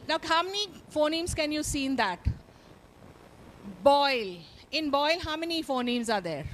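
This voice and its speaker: A woman with a high, light voice trains teachers in phonics. She speaks slowly and sounds out each phoneme, stopping often to quiz her class. She coaxes quiet listeners with playful, mock-pleading remarks. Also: lively intonation. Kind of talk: live phonics training session.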